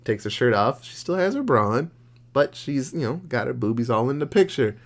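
A podcast co-host casually recaps a horror movie plot, swearing a lot, joking, and slipping into quick character voices mid-recap. His mid-range voice swings widely in pitch.

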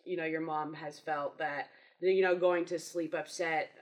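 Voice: mid-range voice, steady tone, a little slow, poor audio. A podcast host who asks long, hesitant questions filled with "um" and "you know". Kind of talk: casual podcast interview.

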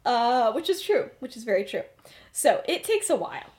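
A woman's voice: fairly high pitch, very animated, moderate pace, a little mellow. A young woman hosting a podcast, casually retelling a story with lots of fillers. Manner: chatty, lots of fillers and laughs. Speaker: podcast host.

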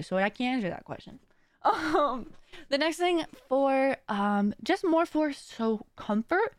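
A woman hosting her own podcast, chatting casually with lots of slang and frequent laughter. Her voice sits fairly high, and the sound is dry and close with no room echo. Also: smooth. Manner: animated, slangy, laughs often. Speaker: podcast host. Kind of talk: casual chat.

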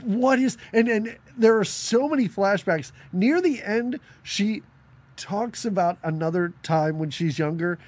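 A man's voice: high-pitched, measured pace, a little mellow. A man co-hosting a podcast, chatting casually about a film, laughing often and jumping between topics. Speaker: podcast co-host. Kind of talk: casual film review chat.

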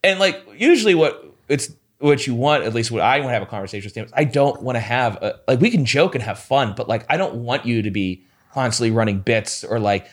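A male comedian on a casual podcast whose pitch swings widely as he talks. He tells his stories in an animated, rambling way, padding his lines with plenty of filler. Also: a little fast. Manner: animated storyteller, lots of filler. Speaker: comedian guest. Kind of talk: casual chat.

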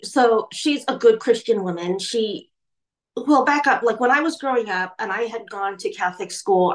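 A woman in an interview, telling her own story with candor and some halting hesitation. Her voice sits at an ordinary middle pitch, and the emotion runs through how she tells it. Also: rough recording. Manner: candid, halting, emotional retelling. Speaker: interview guest. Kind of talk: personal storytelling.

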